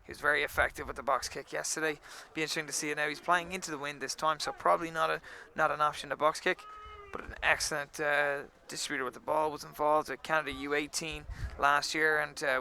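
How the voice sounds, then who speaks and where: A man provides live radio analysis of a rugby match, with a dry sense of humor. His voice is fairly high and bright, with a gravelly edge of vocal fry. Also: little pitch movement, fast talker, hardly any pauses. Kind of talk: live sports commentary.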